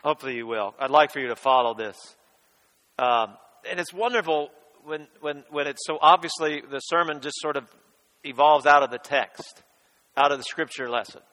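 A man's voice: on the high side, moderate pace, pushed and bright. A man preaching a sermon as pastor, speaking conversationally and turning straight to his listeners. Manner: conversational, addresses listeners directly. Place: church sanctuary. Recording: echoey church, long reverb.

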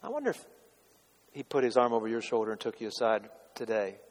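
A man delivers a sermon in a church sanctuary, his voice carrying a long reverb through the hall. He pitches in a middling range and moves between forceful declarations and quiet, pointed questions to the congregation. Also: big pitch swings, fast talker. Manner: dramatic, swinging from loud declarations to hushed rhetorical questions. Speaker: pastor.

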